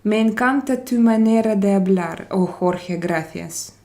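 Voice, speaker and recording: Woman hosting a live chat, unhurried and mellow, greets viewers one by one, mixes in Spanish and French. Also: medium pitch. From Russia. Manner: greets viewers by name, switches between English, Spanish and French; unhurried, drawn-out phrasing. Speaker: live stream host. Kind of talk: casual live-stream chat reading viewer comments.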